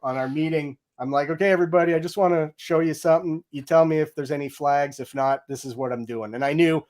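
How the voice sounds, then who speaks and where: A man's voice: on the high side, steady tone, fairly quick, a little mellow. A middle-aged man telling a story with energy in an interview, acting out his own quoted lines. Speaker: guest, game audio director.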